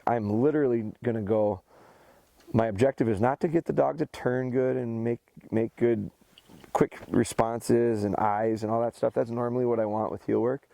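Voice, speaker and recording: Gravelly-voiced man training a dog. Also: fairly low pitch, dark tone, dry recording. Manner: casual, explains step by step, breaks off to praise the dog. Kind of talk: instructional talk while training a dog. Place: outdoors by a rural road.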